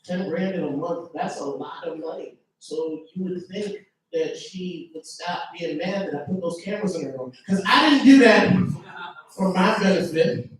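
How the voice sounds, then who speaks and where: A man's voice: high voice, expressive, normal speed. A male stand-up comedian doing crowd work in a comedy club, brash and teasing, full of casual slang. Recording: very echoey club from far off.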